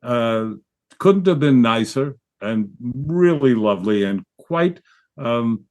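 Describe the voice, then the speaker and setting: A male podcast host in casual chat. He speaks reflectively and gently, at a middle pitch. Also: animated, slow pace.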